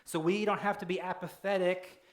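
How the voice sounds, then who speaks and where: A man's voice: high-pitched, steady tone, normal speed, reverberant. A man preaching a sermon in a casual, conversational way, with joking asides and quoted voices that he acts out. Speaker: pastor.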